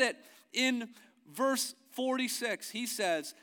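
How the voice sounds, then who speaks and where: Male pastor giving a sermon, smooth high voice, goes slow then gets loud and fired up, big echoey church. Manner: swells from low, slow emphasis to loud, rising passages.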